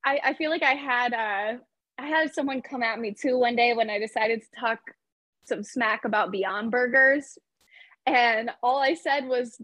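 A woman's voice: fairly high pitch, normal speed, a bit bright, no room sound. A woman hosting a podcast, chatty and laughing often between her points. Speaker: podcast host. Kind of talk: casual podcast chat.

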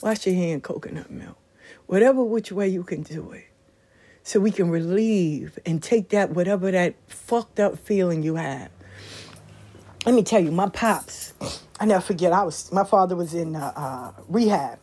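A woman's voice: lowish voice, normal speed, mellow, husky. A woman telling personal stories and giving life advice in a candid, profane way, full of slang. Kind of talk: casual storytelling talk.

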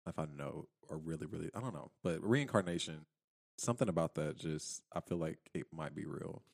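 A man's voice: very deep voice, brisk, vocal fry, darkish tone. A man chatting casually and reflectively, retelling something he saw with quoted lines. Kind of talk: casual chat.

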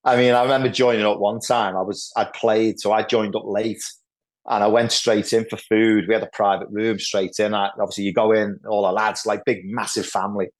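A middle-aged man, telling lively football anecdotes as a podcast guest, peppered with "like" and "right". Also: on the low side, fairly quick. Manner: animated anecdotes, lots of "like" and "right". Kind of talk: casual storytelling chat.

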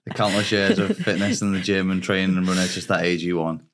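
A man co-hosting a podcast in casual chat, relaxed and teasing, stumbling a little at the start of sentences. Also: low-pitched, fast. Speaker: podcast co-host.

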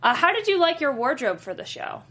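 A woman's voice: high-pitched, sing-song, a little fast, fairly bright tone. A woman hosting a casual interview, chatty and reading viewer questions from the chat. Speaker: host.

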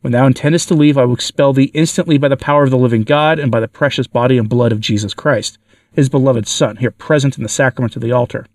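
A man's voice: medium pitch, steady tone, quick pace, a little mellow, no echo, natural voice. A man voicing a stern bishop performing an exorcism, solemn and commanding, in an audio story. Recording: dry, from far off the mic.

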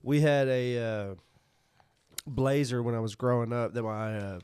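Smooth-voiced laid-back man, dry sound. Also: mid-range voice, steady tone, unhurried, a little mellow, no echo. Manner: laid-back, crude, joking. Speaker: podcast co-host. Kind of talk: casual chat.

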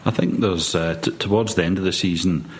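Deep, husky man musing slowly. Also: fairly even intonation. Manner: measured, rambling, many hesitations. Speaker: podcast guest pundit. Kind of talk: casual football chat.

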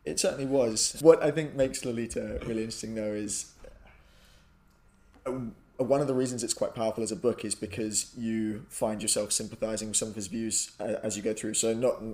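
A man co-hosting a casual podcast discussion, eager and quick, often restarting his sentences. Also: lowish voice, steady tone, a little mellow. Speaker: podcast co-host.

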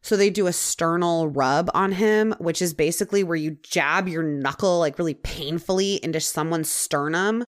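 A young adult woman hosting a podcast, telling a true-crime story in a casual, chatty way. She uses many "like" fillers and drops into dramatic pauses. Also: fairly low pitch. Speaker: podcast host.

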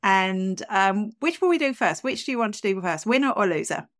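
A woman's voice: mid-range voice, very animated, normal speed, fairly bright tone, no echo, studio quality. A woman co-hosting a podcast in a chatty, upbeat way that often breaks into laughter. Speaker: podcast co-host. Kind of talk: casual chat.

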